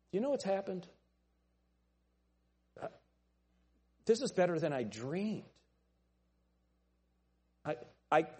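A middle-aged male pastor gives a folksy sermon in a church, cracking jokes with the people in the pews. His voice is husky and mellow, and his pitch swings up and down a lot as he talks. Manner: folksy, joking with the congregation. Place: church sanctuary.

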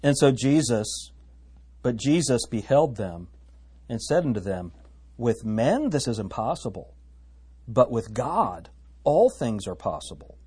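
A man with a slightly husky voice leads a casual verse-by-verse Bible study. He reads scripture aloud, then drifts into chatty, joking asides. His pitch sits in an ordinary middle range. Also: very animated, measured pace, darkish tone. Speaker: Bible teacher.

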